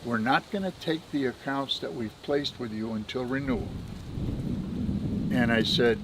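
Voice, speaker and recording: An unhurried, medium-pitched male voice comes through against a noisy background. The speaker, a benefits administrator in his seventies, is a guest on a podcast, telling folksy business stories and chuckling between them.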